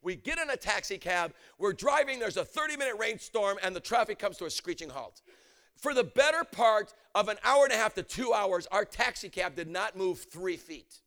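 Casting: high-pitched male preacher, lively storyteller, bursts into shouts. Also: normal speed. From United States. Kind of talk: storytelling sermon.

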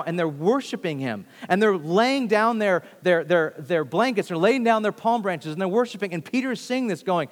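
A man preaching a sermon, telling the story with animated quoted voices and swinging from loud to hushed. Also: high voice, moderate pace, few pauses, in a large hall.

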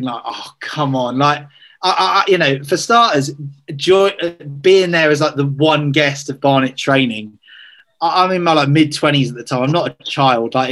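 A man's voice: a little high, fairly bright tone. A man, telling a story in casual chat, self-deprecating, full of fillers and restarts.

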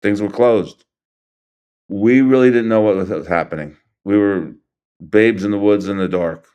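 Older guy, lowish voice, stops and restarts a lot, earnest, telling what happened. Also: darkish tone. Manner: halting, restarts and trails off, earnest. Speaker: interview guest, grieving father. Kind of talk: recounting events in an interview.

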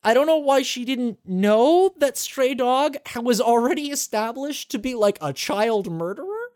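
Animated, swearing male podcast host. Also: very high voice, a little slow, dry recording, studio quality. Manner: animated, swears freely and laughs often; rambling with frequent restarts. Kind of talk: casual chat recapping a game.

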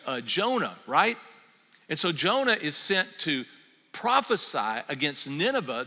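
A middle-aged man preaching a sermon as pastor, telling a story in an animated way and acting out its voices. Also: high voice. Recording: long reverb of a hall.

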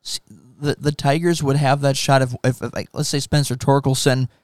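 Male co-host, halting and thoughtful delivery, smooth clean tone. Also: mid-range voice, flat delivery, dry recording, studio quality. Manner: halting, many fillers and restarts. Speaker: podcast co-host. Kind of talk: casual sports chat.

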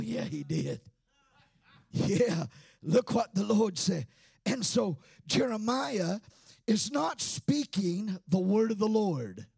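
A male preacher delivering a sermon in a fervent, rising sing-song cadence, often shouting and peppering his lines with "uh." His voice sits very high for a man, with a gravelly fry and a husky edge. The sound is dry and close. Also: no echo.

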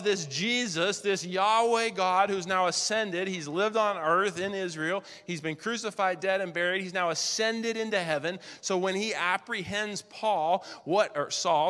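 A man preaching a sermon as pastor, reading scripture aloud and slowing down to stress key words. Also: high-pitched, a bit bright, in a large hall. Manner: preaches with dramatic read-aloud quotes and slowed emphasis.

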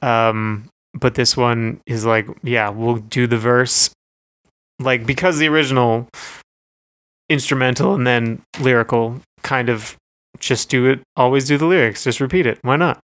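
A man with an ordinary mid-range voice chats casually about music and band trivia. He speaks in a relaxed, unhurried way, often hesitating with ums and quick laughs. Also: medium pitch. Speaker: podcast co-host.

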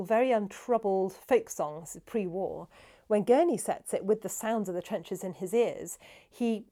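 Mellow-voiced woman explaining music. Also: mid-range voice. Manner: animated, restarts often, sounds out rhythms. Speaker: cellist and music scholar.

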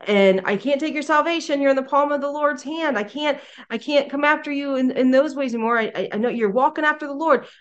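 A woman's voice: high-pitched, fast talker, hardly any pauses, dull audio, pitched above the performer's own voice, lightly acted. Brief: a sly, plotting male devil tempter, lightly put on by a woman teacher, talky and matter-of-fact. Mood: scheming.

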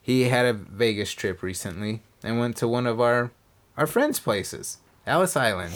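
A man's voice: mid-range voice, moderate pace. A man co-hosting a podcast, telling a casino story in casual chat, acting out the people in it and swearing freely. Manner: animated storyteller, acts out quotes, swears casually. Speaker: podcast co-host.

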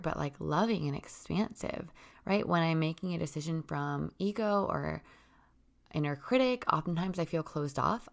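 Woman, low voice with vocal fry, earnest self-help speaker, chatty. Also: fairly bright tone. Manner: earnest, conversational, lots of "like" and "right?". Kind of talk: casual motivational talk.

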